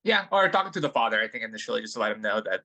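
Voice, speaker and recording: A man with a bright, tense tone describes his character's actions in a tabletop game, halting and full of ums. The sound is dry and close. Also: lowish voice, big pitch swings, no room sound, low-quality recording. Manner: hesitant, halting with many ums. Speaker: player.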